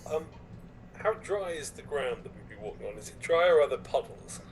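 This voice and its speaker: A man's voice: fairly high pitch, big pitch swings, brisk, slight background noise, rough recording. Hesitant man playing a tabletop game. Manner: hesitant, thinking aloud. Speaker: player.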